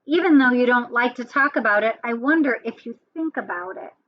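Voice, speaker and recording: A woman teacher giving a children's lesson, speaking gently and often checking in with a question. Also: a little high, a little fast, highs cut off. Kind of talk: children's lesson and storybook reading.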